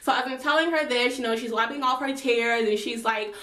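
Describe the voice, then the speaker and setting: A woman's voice: fairly high pitch, a little fast. Slangy young woman telling a story. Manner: animated, slangy storytelling addressing viewers. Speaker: vlogger. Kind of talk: storytime chat. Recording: roomy echo.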